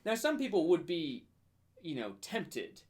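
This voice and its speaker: A man with a slightly high voice narrates his character's heroic backstory at a board game night. He keeps it earnest and mock-noble, with casual fillers between lines. His pitch rises and falls with lively swings. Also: unhurried. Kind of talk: improvised in-character storytelling.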